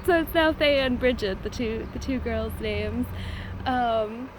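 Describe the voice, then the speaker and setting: Over some background noise, a short story writer with a higher voice tells a story in a relaxed, unhurried vlog. She chats easily, laughs frequently, and acts out the lines others said.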